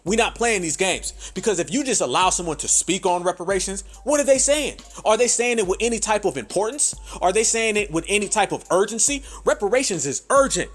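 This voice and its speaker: High-pitched man ranting profanely. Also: animated, fairly quick, few pauses, fairly bright tone, faint music behind. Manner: profane, emphatic, addresses listeners as family. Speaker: podcast host. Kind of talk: ranting commentary.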